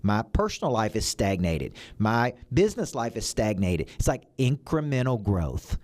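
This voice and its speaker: A man's voice: lowish voice, big pitch swings, moderate pace, darkish tone. A man who works as a business coach, giving a motivational talk with emphatic, punchy repeated phrases. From United States.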